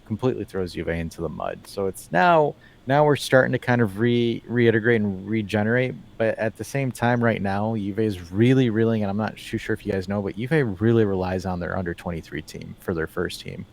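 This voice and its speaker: A man co-hosting a casual football podcast, talking in a rambling, animated way, full of fillers and restarts, with wry asides. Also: on the low side, brisk, creaky, hardly any pauses. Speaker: podcast co-host.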